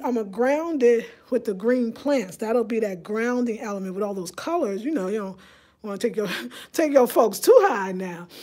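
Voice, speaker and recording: A woman chatting casually on a live stream, lively and laughing often, reading viewer comments aloud. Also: fairly high pitch. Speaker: home design vlogger.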